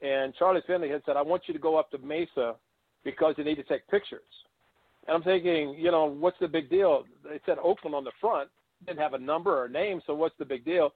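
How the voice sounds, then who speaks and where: An older man with a slightly high voice spins animated stories as an interview guest, slipping into the voices of the people he quotes. The sound is thin and tinny, like a phone line, and dry, with no room around it. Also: brisk, slightly rough, no echo. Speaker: guest, former baseball catcher. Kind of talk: storytelling interview.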